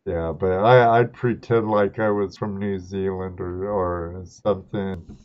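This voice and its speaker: A middle-aged Southern California man hosts a live stream, rambling through stories in casual chat and laughing at himself. His voice sits low, with a steady tone and measured pace. The lo-fi stream audio sounds dull, with slight background noise.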